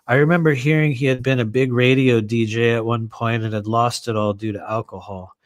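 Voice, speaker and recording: A man's voice: medium pitch, fairly even intonation, fairly quick, dry recording. Man, mid-range voice, reading his own book live, loose chatty asides, dry close recording. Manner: conversational, digressive, many "you know"s.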